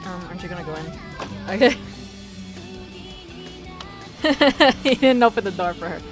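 A woman giving excitable, foul-mouthed commentary on a life-sim game, squealing and shouting at what happens. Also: medium pitch, a little slow, soft background music. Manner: excitable, swears a lot, squeals and shouts in bursts. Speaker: gamer.

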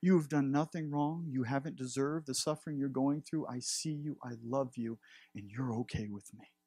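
A man voicing a tender male teacher who gently reassures someone. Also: medium pitch, moderate pace, no echo, lightly acted.

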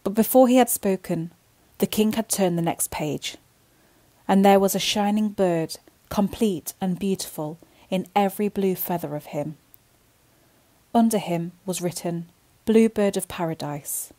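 A woman storyteller reading a bedtime story aloud in an expressive, gentle way. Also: mid-range voice, unhurried.

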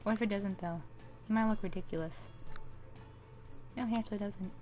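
A woman's voice: medium pitch, fairly quick, darkish tone, faint music behind. A young woman commenting on her game in a casual, joking way. She is sarcastic, swears freely and keeps slipping into silly put-on accents. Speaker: gameplay commentator. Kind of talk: casual let's-play commentary.

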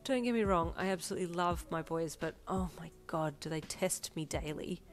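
A woman's voice: lowish voice, moderate pace, soft background music, lightly acted. A woman voicing a tired, sarcastic young mother of rowdy boys, grumbling in a fanfiction reading. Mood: wry grumbling.

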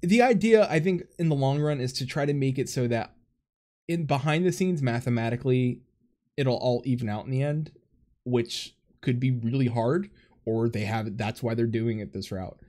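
A man co-hosting a casual gaming chat, talking at an ordinary pitch. He rambles through his points with plenty of fillers and asides. His voice comes through a headset over voice chat. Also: normal speed, a little mellow. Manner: rambling, filler-heavy, laughs often. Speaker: podcast co-host.

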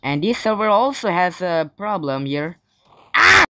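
A man giving live gaming commentary in non-native English, bursting into yells and swearing between calmer remarks. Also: sits high, moderate pace, very noisy. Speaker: gaming channel host.

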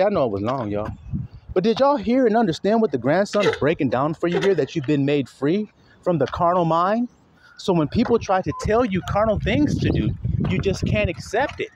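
A man's voice: high-pitched, background noise. A man giving an informal Bible teaching, talking loosely and profanely and drawing out the verses he reads. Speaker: preacher teaching from scripture. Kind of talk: casual spoken Bible teaching.

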